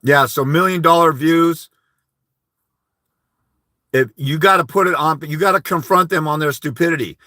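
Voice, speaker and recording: On a live advice stream, a male host offering legal advice bluntly and emphatically pushes listeners to stand up to the court, mocking timid speakers with a mumbled "wah wah." His voice is a little high, bright and forceful, at a normal speed with frequent pauses. The recording is dry and studio-clean.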